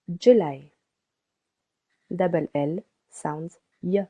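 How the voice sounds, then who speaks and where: A woman teaching a beginner French lesson, slowly spelling out and repeating each word for practice. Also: fairly low pitch, animated, mellow, husky. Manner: slow and deliberate, repeats words for practice. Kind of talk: slow scripted language lesson.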